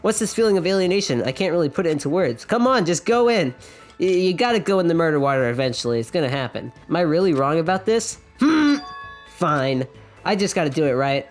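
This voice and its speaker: A young woman with a lowish voice gives casual, jokey commentary while playing a video game. She reads the dialogue aloud and often breaks off to giggle. Game music plays faintly under her voice. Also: lively intonation, quick pace. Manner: jokey, giggly, self-interrupting. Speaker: let's play streamer.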